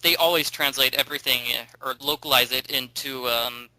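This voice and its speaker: Chatty guy rambling on a podcast, super bright voice, dry room, lots of ums. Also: medium pitch, normal speed, no room sound, rough recording. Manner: chatty, digressive, thinks aloud with ums. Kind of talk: casual chat.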